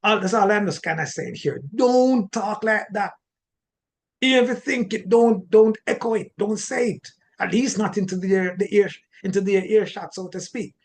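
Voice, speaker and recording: A man with a Jamaican accent giving an animated teaching talk on marriage, often repeating words and restarting his sentences. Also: high-pitched, moderate pace, gravelly. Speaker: relationship teacher.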